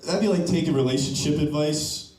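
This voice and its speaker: A man's voice: fairly high pitch, fairly quick, crowd noise. Young male comic in an echoey club. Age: young adult. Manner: loose, punchy delivery, tags "okay?" to lines. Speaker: stand-up comedian. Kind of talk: open-mic stand-up. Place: comedy club stage. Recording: echoey room, mic from a distance.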